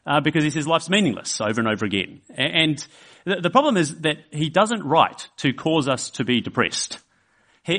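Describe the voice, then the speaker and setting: A man's voice: mid-range voice, pushed and bright. A man preaching a sermon in a church service, conversational, with fillers and restarts. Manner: acts out quoted voices in an illustration.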